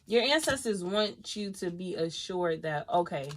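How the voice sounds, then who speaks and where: A woman giving a live tarot reading, chatty and expressive, speaking straight to her viewers. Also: fairly low pitch, a little slow, a little hiss or hum. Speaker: tarot reader.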